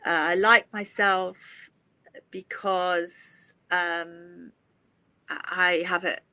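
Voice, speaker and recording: A woman's voice: on the low side, little pitch movement, very slow, sharp tone, no echo. A woman hosting a casual live chat, talking in a chatty way with many asides.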